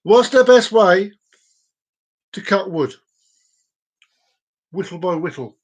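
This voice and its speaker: A man with a high, expressive voice speaks slowly while hosting a casual live stream. He rambles, tells groan-worthy jokes, and chats directly to viewers by name.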